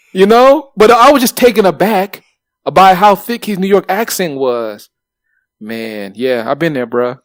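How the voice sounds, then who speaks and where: A man in his thirties co-hosting a podcast, telling stories in a lively way with plenty of swearing and fillers. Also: on the high side, normal speed, dry recording, clean studio sound. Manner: animated, swears freely, lots of fillers. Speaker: podcast co-host. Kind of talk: casual chat, storytelling.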